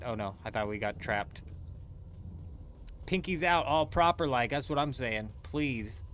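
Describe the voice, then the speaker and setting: Young man, game streamer, bright tone, playful banter, live commentary. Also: mid-range voice, a little hiss or hum. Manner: playful, trash-talking, animated outbursts.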